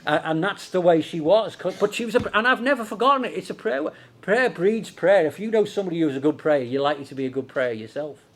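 A middle-aged preacher from Liverpool with a clear Scouse accent and a fairly high voice. He preaches in a conversational way and often throws rhetorical questions at the congregation. He also restarts his sentences often. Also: animated, fast. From Liverpool, England. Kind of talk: sermon.

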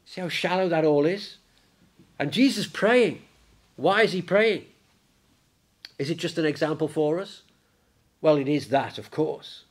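A man preaching a sermon in church, lively and conversational, raising his voice when he acts out the disciples. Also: fairly high pitch, unhurried, pauses often. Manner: animated, acts out the disciples in a raised voice.

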